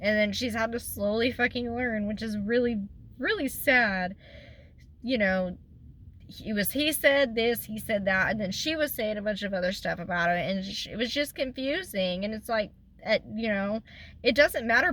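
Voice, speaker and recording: A woman's voice: fairly high pitch, moderate pace, a bit bright. A young woman vlogger venting in a casual storytime chat, upset and close to tears.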